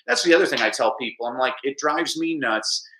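A middle-aged man, an educator, talking animatedly in an interview and explaining with lively examples. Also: fairly quick, roomy sound, low-quality recording. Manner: animated, explanatory, mimics Spanish with exaggerated pitch. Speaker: educator guest. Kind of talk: conversational interview.

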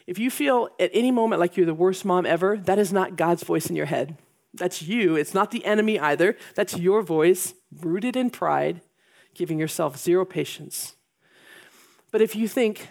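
Woman, middle-aged, gravelly, chatty talk to moms, self-deprecating humor. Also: lowish voice, expressive, normal speed, darkish tone. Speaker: speaker at a women's gathering.

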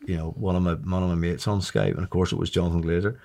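A man's voice: low voice, steady tone, quick pace, gravelly, a little mellow. A man in his sixties telling a long anecdote in a chatty way, laughing and often restarting his sentences. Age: 60s. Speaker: interview guest. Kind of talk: casual storytelling.

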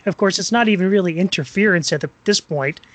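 A man co-hosting a podcast, talking in a thoughtful, measured casual chat. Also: high voice, fairly bright tone, no echo. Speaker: podcast co-host.

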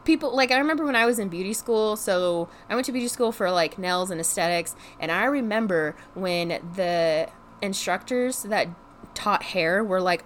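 A young woman vents through a casual storytime vlog, animated and exasperated, dropping curses and leaning on "like" between phrases. Her voice sits at a middle pitch, with a faint hiss under the recording. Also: moderate pace. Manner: animated, exasperated, swears freely; heavy use of "like" as filler. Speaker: vlogger.

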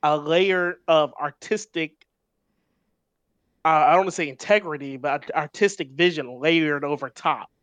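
Higher-voiced man explaining at length. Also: moderate pace, a bit bright, smooth, dry recording. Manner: thoughtful, restarts often while explaining. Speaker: podcast co-host. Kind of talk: casual film discussion.

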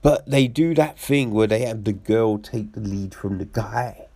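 A man giving casual commentary as a reviewer, swearing and acting out quoted lines in an animated way. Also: lowish voice, unhurried, creaky, no room sound.

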